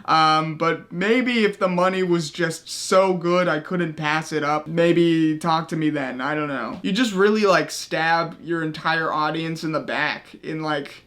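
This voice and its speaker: High-voiced man ranting on camera. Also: unhurried, few pauses, a bit bright. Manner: profane, exasperated, keeps asking "okay?". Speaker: commentary YouTuber. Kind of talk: ranting commentary.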